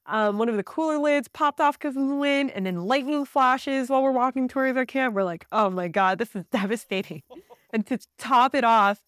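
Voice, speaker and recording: A woman guest on a podcast, telling a trip story in a casual, animated way with fillers and bursts of laughter. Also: a little high, smooth, no room sound, clean studio sound. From Southern California.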